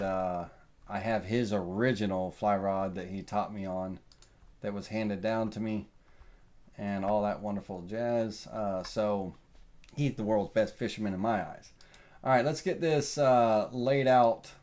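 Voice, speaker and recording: A middle-aged man with a Southern accent, hosting a live software tutorial and thinking aloud with plenty of fillers as he works. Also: lowish voice, measured pace. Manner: relaxed, rambling, thinks aloud with many fillers.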